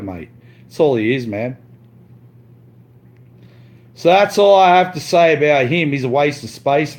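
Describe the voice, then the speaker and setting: In a slow, deliberate drawl at medium pitch, a man rants through a live stream monologue. His trash talk is crude and boastful, circles back on itself, and is sprinkled with "mate," and he frequently stumbles and starts sentences over.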